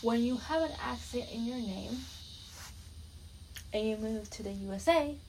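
A woman's voice: fairly high pitch, unhurried, darkish tone, a little hiss or hum, low-quality recording. A young French Canadian woman hosting a podcast, rambling and indignant, with many fillers and restarts. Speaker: podcast host. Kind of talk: casual monologue.

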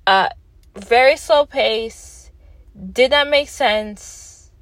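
Drawn-out words and a fairly high pitch mark this woman's voice, captured on a dry recording. A young Canadian vlogger, she gives a casual, emphatic and self-deprecating movie review while parked in her car.

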